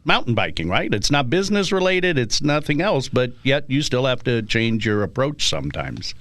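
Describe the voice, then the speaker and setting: Lively-voiced man, a joking podcast host. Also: medium pitch, moderate pace, gravelly, no echo. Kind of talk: casual podcast conversation.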